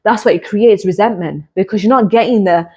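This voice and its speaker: A woman's voice: medium pitch, a little fast, warm tone, slightly rough, dull audio. A woman podcast host and hypnotist coach in a personal monologue. She speaks candidly and reflectively, building her points through repeated parallel phrases.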